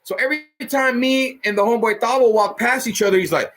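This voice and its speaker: A man casually telling a rough story in heavy profanity and street slang, punching it up with sound effects. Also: extremely high pitch, quick pace, fairly bright tone. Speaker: storyteller host.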